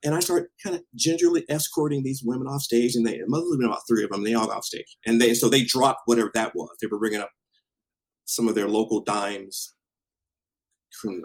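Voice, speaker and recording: A man casually telling a story from his past, animated and acting out what people said, with some swearing. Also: mid-range voice, slightly rough, rough recording. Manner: animated, acts out quotes, swears.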